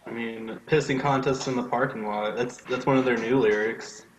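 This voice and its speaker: Animated young man in a roomy space. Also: medium pitch, normal speed, noisy background. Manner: animated storytelling with swearing. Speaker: guest. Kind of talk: casual chat. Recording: roomy echo.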